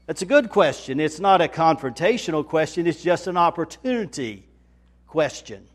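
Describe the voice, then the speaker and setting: A man preaching a sermon in a folksy manner, building to loud, emphatic repetition. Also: fairly high pitch, fairly quick. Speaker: pastor.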